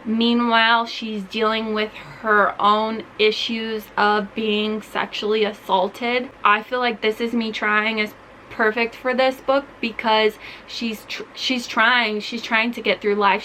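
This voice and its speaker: A young woman gushes about her favorite books in a chatty, enthusiastic vlog, peppering her talk with "like." Her voice sits fairly high and rings bright and forward. A faint hiss runs under the home recording. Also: poor audio. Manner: gushing, chatty, heavy use of "like". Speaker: book vlogger. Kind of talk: casual book recommendations.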